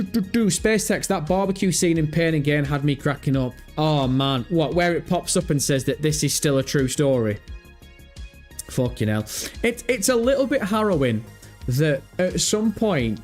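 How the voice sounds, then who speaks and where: A man's voice: on the high side, expressive, moderate pace, faint music behind. A man hosting a casual live stream, talking animatedly, thinking aloud and swearing freely.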